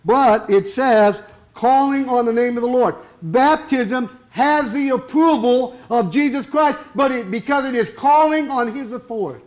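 A man's voice: very high-pitched, unhurried, a little mellow. A man preaching a sermon, firing rhetorical questions and stretching out the words he wants to stress.

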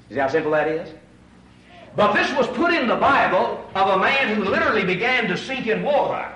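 A man preaching a sermon, animated, asking his audience rhetorical questions. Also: high-pitched, distant mic. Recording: echoey room, voice from away from the mic.

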